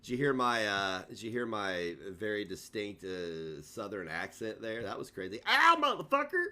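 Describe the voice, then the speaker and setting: A man's voice: lowish voice, moderate pace, bright, forceful tone. A man streaming, telling a rambling, profane and self-mocking story in a casual rant.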